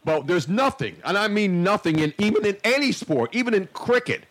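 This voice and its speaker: A man's voice: sits high, big pitch swings, fairly quick, a bit bright, low-quality recording. A man hosting a casual podcast, talking emphatically and repeating phrases for effect. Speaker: host.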